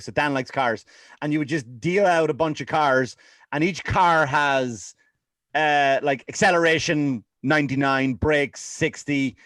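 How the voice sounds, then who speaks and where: A man's voice: mid-range voice, a bit bright, no room sound. A man with an Irish accent, rambling through comic stories on a casual podcast and laughing at his own jokes. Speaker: podcast co-host. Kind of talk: casual comedic chat.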